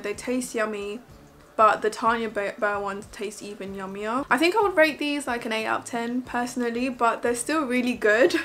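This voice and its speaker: A woman's voice: fairly high pitch, a bit bright, a little hiss or hum. A young woman chatting casually in a home kitchen as she shows and tastes her baking, upbeat and full of "like" and "um". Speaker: baking vlogger. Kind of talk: casual vlog chat.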